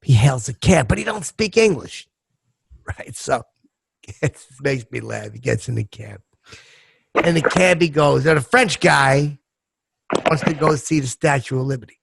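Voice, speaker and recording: A man's voice: mid-range voice, expressive, a little slow, creaky, long pauses, noisy background. A man playing a dim, crude middle-aged New Yorker, who rambles and corrects himself as he hosts a comedy podcast. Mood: rambling. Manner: loses his thread, rambling corrections. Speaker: podcast host. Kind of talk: comic character podcast banter.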